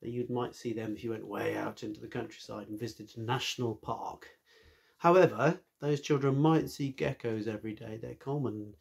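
A man's voice: mid-range voice, fairly even intonation, moderate pace, gravelly, breathy edge. A man, a teacher, reading a children's story aloud with friendly, chatty asides to young listeners.

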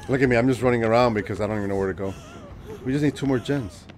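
A man's voice: mid-range voice, rapid-fire, darkish tone, slight background noise. Stuffy-nosed man joking with his stream. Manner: jokey, chatting to viewers while playing. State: stuffy nose from a cold. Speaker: game streamer. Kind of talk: casual live-stream gaming commentary.

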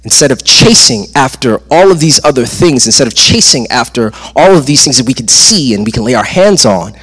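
A man's voice: medium pitch, lively intonation, a little fast, a bit bright, husky. A man preaching a sermon in a church, with an emphatic delivery that rises and falls and repeats phrases for effect. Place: church sanctuary. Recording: long reverb of a large church hall.

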